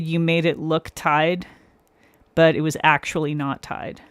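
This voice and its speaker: A woman with a deep, smooth voice hosts a nail art livestream, her pitch barely moving and her pace measured, captured in a dry recording. She chats casually with viewers by name, laughs often, and explains each step as she works.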